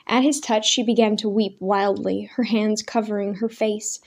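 A woman reading a novel aloud as narrator, in a measured, expressive way. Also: mid-range voice, husky. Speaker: audiobook narrator. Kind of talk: scripted narration.

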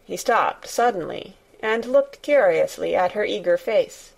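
Slow, measured woman narrating a storybook. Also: medium pitch, lively intonation, creaky, low-quality recording. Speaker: audiobook narrator.

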